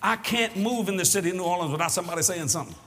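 High-voiced older preacher, hall echo. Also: male voice, very fast. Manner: fervent, often shouting, folksy storytelling. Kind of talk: sermon. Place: large church hall with congregation. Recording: echoey live hall recording with crowd and noise.

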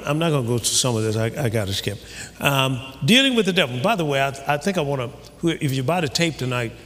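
Preaching man in a reverberant hall. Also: medium pitch. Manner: animated preaching, rising to shouts; many restarts and fillers. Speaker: pastor. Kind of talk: sermon.

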